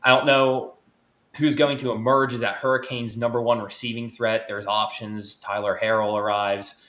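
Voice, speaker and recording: A man's voice: lowish voice, flat delivery, moderate pace, fairly bright tone. A man guesting on a podcast, previewing a college football game and reeling off stats and records, correcting himself as he goes. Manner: stat-heavy, self-correcting. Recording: roomy echo.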